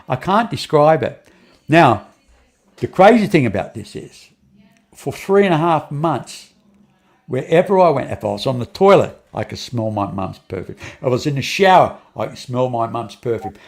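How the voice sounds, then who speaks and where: A man's voice: mid-range voice, lively intonation, normal speed, gravelly, darkish tone. An older man tells a long personal story as an interview guest. He rambles, repeats phrases and restarts often, and acts out the lines of the people in his story.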